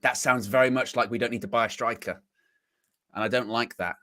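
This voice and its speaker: A man's voice: medium pitch, steady tone, a little fast, sharp tone. A man co-hosting a casual football fan chat, wry and joking. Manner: wry, drops into mock quotes. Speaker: co-host of a football fan show.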